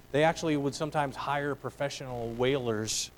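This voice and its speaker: A middle-aged man preaching a sermon in an earnest voice, rising to strong emphasis and dropping to quiet reflection. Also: medium pitch, fairly even intonation, measured pace, poor audio. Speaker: pastor.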